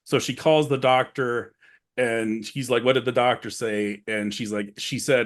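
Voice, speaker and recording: A man's voice: medium pitch, fairly even intonation, measured pace. A man co-hosting a podcast, retelling film scenes in a rambling, casual way full of fillers. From rural area. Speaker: podcast co-host.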